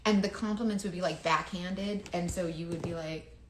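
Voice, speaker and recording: Woman, 30s, rambly confiding makeup chat, low voice, echoey room. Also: fairly even intonation, moderate pace, a little hiss or hum. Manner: rambling, confiding, trails off and restarts. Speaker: makeup seller and vlogger. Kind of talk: casual chat while doing makeup on camera.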